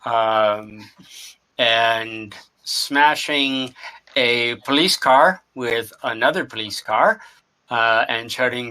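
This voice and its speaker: A man runs a tabletop superhero game, his voice bright and clear at an ordinary pitch. He narrates in a halting way, with frequent ums and uhs as he pictures the scene. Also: low-quality recording. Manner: hesitant, lots of fillers while describing scenes. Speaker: game master.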